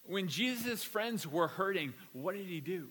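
A man's voice: high voice, expressive, measured pace, a bit bright, breathy edge, big-room sound. A man preaching a conversational sermon. He tells stories casually and animatedly, repeating words as he goes. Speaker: pastor. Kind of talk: conversational sermon with personal story.

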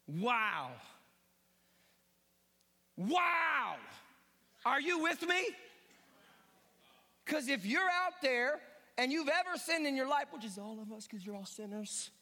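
A man preaches a sermon in a high, sharp voice that leaps up and down as he goes. He drops to quiet asides, then shouts his big points. The sound rings out with the long reverb of a large hall. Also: very animated, takes it slowly, pauses often. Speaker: pastor.

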